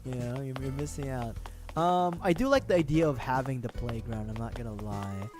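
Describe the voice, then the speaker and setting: A man's voice: mid-range voice, expressive, normal speed, over music. A man streaming a life-sim game, rambling casually and jokingly to his chat and laughing often. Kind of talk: casual gaming livestream chat.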